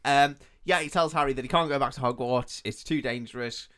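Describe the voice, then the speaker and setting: A man's voice: medium pitch, a little fast, fairly bright tone. A man co-hosting a casual comedy podcast, recapping a story in a crude, sweary way and laughing often. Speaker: podcast co-host.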